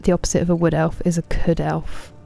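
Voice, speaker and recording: A woman in her thirties streams a game and chats easily with her viewers, now and then muttering softly to herself. Her voice sits low with a gravelly fry. Its tone is dark and mellow. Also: level tone, a little fast, soft background music. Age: 30s. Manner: chatty, reads and answers chat, mutters softly to herself. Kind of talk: casual live-stream chat while gaming.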